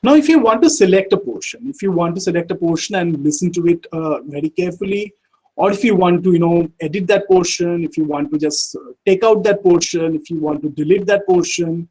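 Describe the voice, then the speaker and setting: A man giving an online software tutorial, speaking haltingly with frequent fillers. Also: high-pitched, breathy edge, poor audio. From India. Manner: halting, many fillers like "uh" and "you know". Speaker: workshop instructor.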